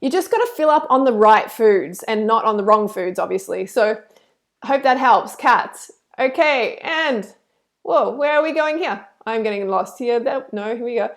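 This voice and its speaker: A woman's voice: a little high, expressive, normal speed. A woman hosting a live stream, chatty and effusive when thanking donors, and earnest and preachy when she campaigns. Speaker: live stream host reading super chats.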